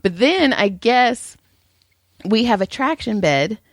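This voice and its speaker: A woman in casual podcast chat, her pitch swinging widely as she tells a story. She laughs easily and swears freely. The recording is close and dry. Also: big pitch swings, slow, no echo. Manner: laughing, crude storytelling with acted-out quotes. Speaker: podcast co-host.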